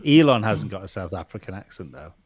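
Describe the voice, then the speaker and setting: Measured skeptical man in casual chat. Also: lowish voice, lively intonation. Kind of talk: casual live discussion.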